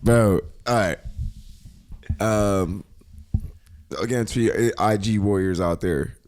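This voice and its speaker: A man's voice: on the low side, slow, a little mellow, slight background noise. A man hosting a podcast, casually breaking down rap lyrics with laughter and swearing. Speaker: podcast host.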